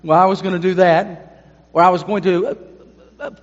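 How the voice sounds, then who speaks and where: A man's voice: high-pitched, fairly even intonation, moderate pace. A man preaching a sermon to his congregation, adding emphatic asides. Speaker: pastor. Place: church sanctuary. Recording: dull sound with long hall reverb.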